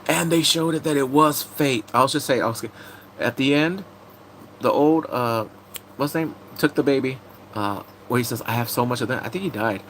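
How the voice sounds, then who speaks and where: A man casually recapping TV episodes, excitable and rambling, breaking into sudden high squeals. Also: moderate pace, a little hiss or hum, low-quality recording. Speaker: TV recap host.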